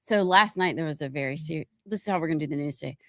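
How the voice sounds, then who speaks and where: A woman's voice: sits low, rapid-fire, no room sound, studio quality. A woman co-hosting a casual political talk show, chatty and playful with a self-mocking streak. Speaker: co-host.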